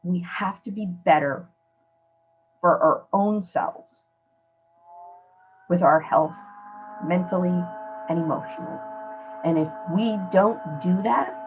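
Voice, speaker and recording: A woman's voice: on the low side, slow pace, pauses often, phone-quality sound, background noise. A woman hosting a podcast, giving earnest, emphatic advice in a conversational way. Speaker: podcast host. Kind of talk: casual coaching talk.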